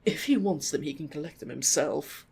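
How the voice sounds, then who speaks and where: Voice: medium pitch, lively intonation, normal speed, creaky, darkish tone, husky, heavily acted. A reader voicing a haughty vampire elf. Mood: disgusted. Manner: disdainful, fussy.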